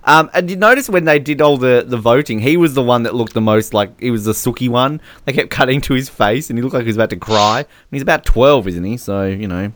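Talking fast with hardly any pauses, a man in the mid range hosts a laid-back podcast conversation about song contest entries. He's sarcastic and breaks into laughter a lot.

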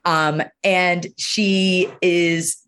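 A woman doctor with a low-pitched voice talks openly about the body in a relaxed interview. She is candid and animated, often slipping in "you know" and acting out little quotes in other voices. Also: very slow, smooth. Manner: frank, animated, many "you know" fillers, acts out quotes. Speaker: urologist guest.

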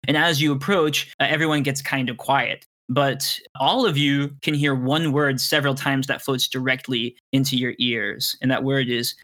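Bright-voiced man narrating a tabletop game. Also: medium pitch, moderate pace, few pauses. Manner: descriptive, relaxed. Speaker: game master.

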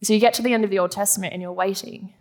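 A woman's voice: medium pitch, fairly even intonation, rapid-fire, darkish tone. A woman preaching a sermon to a live audience in a teaching manner, asking the room questions and answering them.

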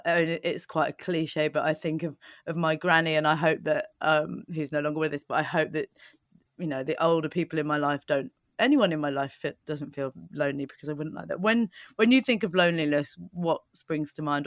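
A woman's voice: low voice, fairly even intonation, brisk, no room sound, studio quality. A woman hosting a podcast, chatty and self-deprecating, talking in a casual rambling way. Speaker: podcast host.

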